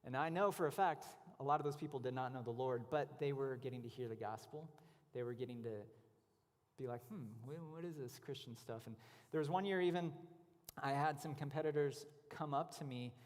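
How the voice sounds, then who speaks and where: Casual male speaker, storytelling testimony, mid pitch, long hall reverb. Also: a little fast. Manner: conversational storytelling with many fillers. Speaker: guest speaker. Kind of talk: testimony talk at a church event. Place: church hall.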